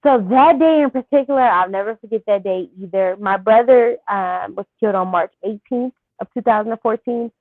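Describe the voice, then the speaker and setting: A young woman interviewed as a guest, telling a personal story softly and haltingly, with many fillers. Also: fairly high pitch, no echo. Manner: soft-spoken, halting with fillers. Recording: thin phone-like line.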